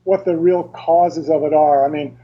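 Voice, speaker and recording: With halting restarts, a man on an interview explains things carefully and thoroughly over dull, lo-fi remote audio. His voice runs on the high side, steady in tone and husky.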